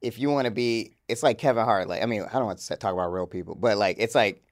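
A man's voice: fairly low pitch, fast. A man co-hosting a podcast in a laid-back, rambling casual chat, laughing often. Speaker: podcast co-host.

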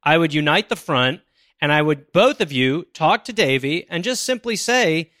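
A man's voice: on the high side, animated, sharp tone, no echo. Dry-voiced teasing podcast co-host, a man. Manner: teasing, measured when advising. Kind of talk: casual podcast chat.

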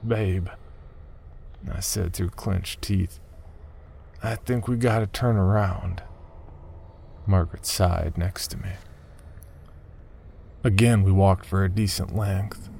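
Slow, gravelly low male storyteller. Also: a little mellow, slight background noise. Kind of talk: first-person horror story narration.

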